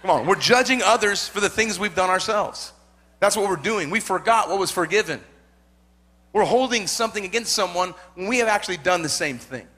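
A man's voice: high-pitched, expressive, brisk, sharp tone. A male pastor preaching a sermon, emphatic and joking, repeating his points for effect.

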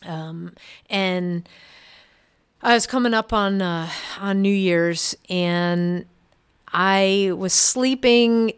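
A middle-aged woman, a podcast guest, giving an earnest, halting personal testimony in a quiet, reflective way. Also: medium pitch, clear, resonant tone.

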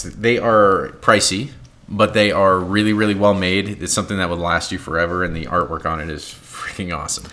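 Man, podcast co-host, lowish voice, bright and forceful, playful, rambling, casual chat. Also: fairly quick. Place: loft converted into a studio.

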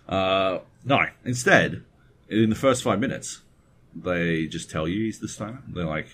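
A man's voice: low voice, normal speed, fairly bright tone, a little hiss or hum. A man co-hosting a podcast, rambling casually and swearing freely as he talks into a webcam setup. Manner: profane, rambling, digressive. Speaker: podcast co-host. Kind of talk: casual chat. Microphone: webcam setup at home desk.

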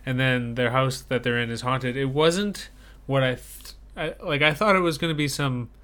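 A man's voice: medium pitch, normal speed, bright, forceful tone, clean tone. A man co-hosting a podcast in casual chat, rambling with frequent restarts. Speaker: podcast co-host.

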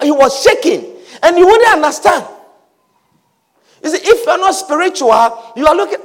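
A man preaching a sermon, animated, breaking into shouts and acting out the people in the scripture. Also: extremely high pitch, a little slow. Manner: animated, acts out scripture characters with shouts and laughter.

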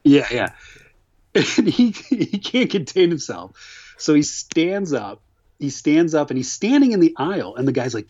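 A man's voice: fairly high pitch, very animated, normal speed, a little mellow. A male podcast host in loose, casual conversation. He tells rambling stories, swears freely and breaks into laughter often. The audio is a little dull and lo-fi. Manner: laughing storyteller, profane, rambling. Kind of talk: casual chat.

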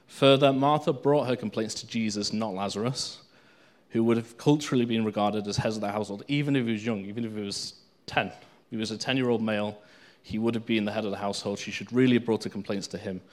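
Guy with a lowish voice doing a casual bible teaching, reads scripture out then chats about it with lots of ums and restarts. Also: steady tone, fast talker. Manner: unscripted, with frequent fillers and restarts between read passages.

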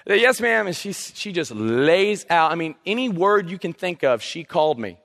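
A pastor from South Carolina, preaching a sermon through animated, humorous storytelling. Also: male voice, on the high side, moderate pace. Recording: long reverb of a hall.

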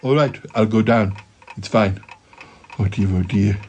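A man's voice: lowish voice, unhurried, darkish tone, breathy edge, dull audio. A man voicing Cromitty, a fussy, dithering inventor who keeps fretting aloud. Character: fretful inventor Cromitty, keeps saying oh dear.

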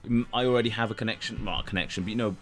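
A man's voice: fairly low pitch, very fast, fairly bright tone, faint music behind. A man co-hosting a podcast in casual chat, dry and teasing. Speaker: podcast co-host.

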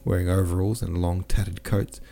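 A man reading a classic novel aloud as a podcast narrator, measured and careful, now and then correcting himself. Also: low voice, flat delivery, creaky, dark tone. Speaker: audiobook narrator.

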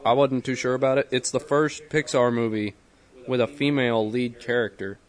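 A man's voice: medium pitch, steady tone, moderate pace. A young man from the Southern US co-hosting a podcast, talking in a joking, rambling way and laughing often. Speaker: podcast co-host. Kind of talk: casual chat.

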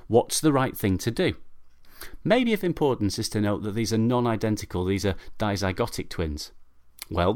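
A man with a British English accent hosting a medical podcast in a measured, explanatory way. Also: medium pitch. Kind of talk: scripted podcast narration.

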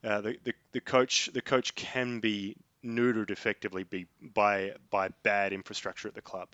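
A man's voice: on the low side, flat delivery, normal speed, a bit bright, no echo, muffled recording. A man co-hosting a podcast in casual sports chat, hesitant and searching for words. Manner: hesitant, many fillers and restarts. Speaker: podcast co-host.

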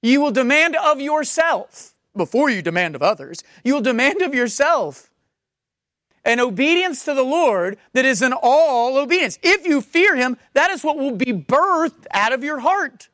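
A woman delivers a sermon in a somewhat high voice. She stresses and repeats key words and slows right down when reading scripture. The sound is dry and close, with no room echo. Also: lively intonation, a bit bright. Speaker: preacher.

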